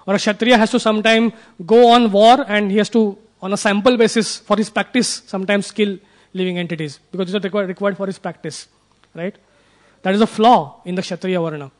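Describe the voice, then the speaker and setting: A man's voice: high voice, fairly even intonation, brisk. A man preaching a sermon in a conversational way, often checking in with his listeners. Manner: conversational, asks the audience for assent.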